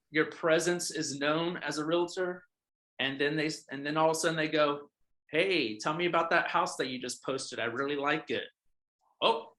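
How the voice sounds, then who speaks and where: Bright-voiced realtor coaching agents. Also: male voice, medium pitch, low-quality recording. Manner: conversational, keeps checking in with "all right?" and "right?"; frequent fillers and restarts. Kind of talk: casual training talk.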